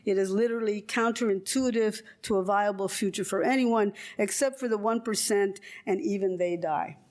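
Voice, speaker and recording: With a medium-pitched, darkish voice, an older woman from California reads a prepared lecture as a guest speaker. Her measured, rhetorical delivery gives way at times to wry, joking asides.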